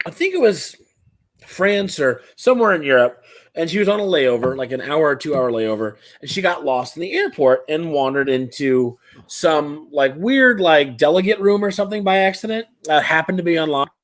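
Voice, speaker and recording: A man on a casual podcast, telling a friend's story and pausing often to search for details. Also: fairly high pitch, animated. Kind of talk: casual chat and anecdote.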